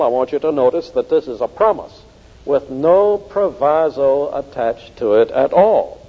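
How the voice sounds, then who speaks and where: A man preaching in a fairly high voice, pressing each point with emphatic repetition. The recording is dull and lo-fi, with a long reverb trailing off the walls of a large hall. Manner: emphatic, repeats key phrases for stress. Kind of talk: sermon.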